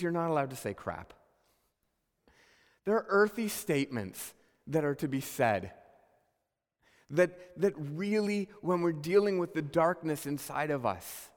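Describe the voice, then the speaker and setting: Earnest male pastor preaching in a reverberant hall. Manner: earnest preaching, swings between soft low asides and rising emphatic calls. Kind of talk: sermon.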